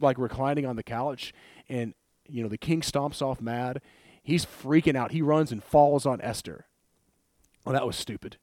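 A man preaching a sermon in a conversational, animated way, laughing often and retelling scripture with acted quotes. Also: medium pitch, no echo, studio quality.

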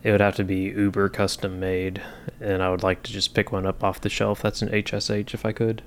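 A man's voice: on the low side, level tone, brisk, slight background noise. A man co-hosting a casual guitar podcast, easygoing, with wry jokes. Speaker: podcast co-host. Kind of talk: casual chat.

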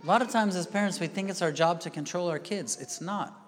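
A man's voice: high voice, a little fast. Man preaching in a reverberant hall. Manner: conversational, swings from hushed asides to loud emphatic bursts. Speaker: pastor. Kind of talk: sermon.

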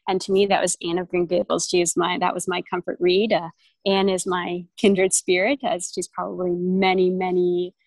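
A woman's voice: lowish voice, level tone, normal speed, a little mellow, dry recording, poor audio. A young woman co-hosting a podcast, chatting casually with many restarts and fillers. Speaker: podcast co-host. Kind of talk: casual chat.

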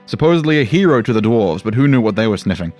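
A man with a fairly low voice narrates a fantasy tale, measured and dramatic in his delivery. A faint guitar plays softly underneath. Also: expressive. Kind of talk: storytelling narration.

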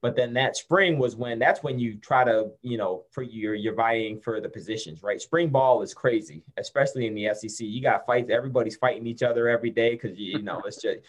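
A middle-aged former college football player from Syracuse, New York, tells a long story as a guest in a casual interview. His mid-range voice runs a little fast with hardly any pauses, and he rambles, restarts sentences, and fills gaps with "you know" and "like." The delivery is animated and conversational.

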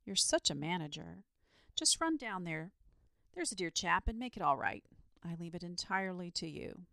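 A woman reading a storybook aloud, voicing a lazy, genteel dragon who speaks in a languid, unhurried way. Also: fairly low pitch, creaky, dry recording, studio quality.

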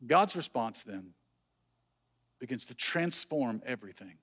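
A man's voice: mid-range voice, animated, a little slow, fairly bright tone, husky. A man preaching a sermon as pastor, earnest, with rhetorical questions and repeated phrases. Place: church.

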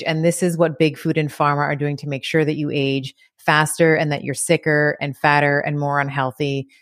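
A middle-aged woman, a podcast guest, talking in a lively, chatty way with frequent laughs, fillers and restarts. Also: low voice, no room sound, clean studio sound. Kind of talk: casual interview chat.

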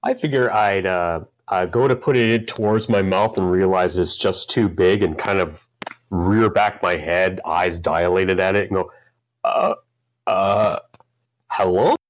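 A man speaking as a player in a tabletop game, slow and hesitant. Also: low voice, poor audio. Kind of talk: casual tabletop play.

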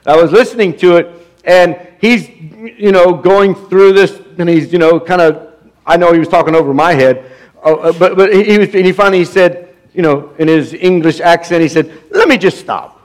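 A man's voice: high voice, moderate pace. A middle-aged man pastor preaching a sermon with emphasis, stumbling over restarts and asking the congregation for amens.

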